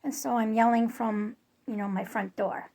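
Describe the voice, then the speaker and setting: A woman with a slightly high voice recounts a neighborhood story for her vlog. She talks in a loose, rambling way, full of ums and self-corrections. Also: steady tone, normal speed, dark tone. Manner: chatty, rambling, many fillers and restarts. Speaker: vlogger. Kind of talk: casual storytelling to camera.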